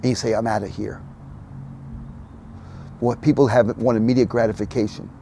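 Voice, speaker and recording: An older man speaking as a podcast guest, telling stories animatedly, dropping to soft murmurs and rising to loud emphatic bursts. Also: mid-range voice, flat delivery, moderate pace, creaky, a little hiss or hum. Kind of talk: conversational storytelling.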